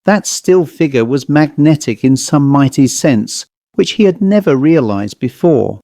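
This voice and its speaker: A man reading a ghost story aloud in a steady, measured way, close to the mic. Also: fairly high pitch, no echo. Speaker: audiobook narrator. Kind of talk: scripted ghost story narration.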